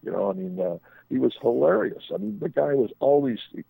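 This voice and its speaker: A man's voice: mid-range voice, very animated, brisk, creaky, warm tone, breathy edge, no echo, poor audio. An older man, a sports agent, telling rambling anecdotes on a radio talk show, often restarting his sentences.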